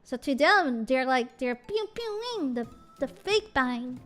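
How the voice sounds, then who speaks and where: Bubbly streamer girl, high bright voice, chatting away with chat, tosses in japanese words. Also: very animated, slow pace. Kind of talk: casual chat with viewers.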